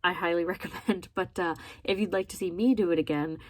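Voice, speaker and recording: Breathy, expressive woman book vlogger. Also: lowish voice, a little fast, no room sound. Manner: expressive, incredulous, laughs often. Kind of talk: casual video commentary.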